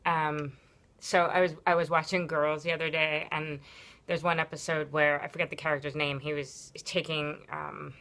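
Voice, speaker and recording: Low-voiced woman, candid rambling vlog. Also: little pitch movement, moderate pace, a bit bright. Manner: candid, rambling, with frequent ums and profanity. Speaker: yoga teacher. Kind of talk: casual unscripted vlog monologue.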